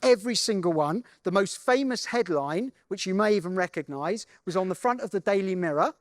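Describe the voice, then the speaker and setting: A man speaking from a conference main stage, delivering a keynote as a chatty story. His voice sits high for a man, and the sound is dry and close. He keeps checking in with the crowd as he goes. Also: lively intonation, fairly quick, no echo. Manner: conversational, keeps checking in with "right?".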